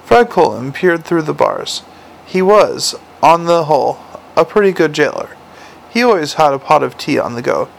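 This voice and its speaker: A man's voice: a little high, lively intonation, moderate pace, creaky. A man narrating a comic novel aloud with a dry, wry delivery. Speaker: audiobook narrator.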